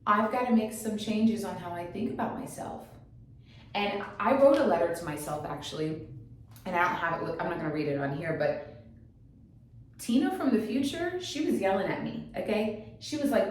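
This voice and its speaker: A motivational coach gives an encouraging teaching talk in a mid-range, animated voice at a moderate pace. She fills it with rhetorical questions and frequent "okay?" check-ins, recorded on a distant mic in a very echoey room with a little hiss or hum.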